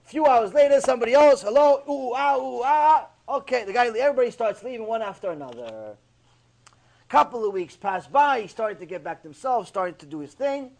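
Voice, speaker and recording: Very high-pitched and fairly quick, a man delivers a lecture on Torah ethics in the mussar tradition. He animates his teaching with jokes and by acting out the characters in his stories.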